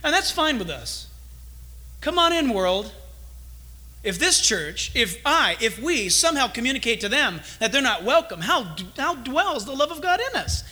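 A man's voice: very high voice, big pitch swings, normal speed, bright, forceful tone. A man preaching a sermon as a pastor, emphatic and full of storytelling.

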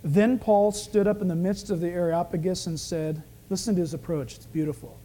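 High-voiced man preaching animatedly. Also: fairly quick, slight background noise. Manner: animated, acting out quotes. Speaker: pastor. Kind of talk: sermon.

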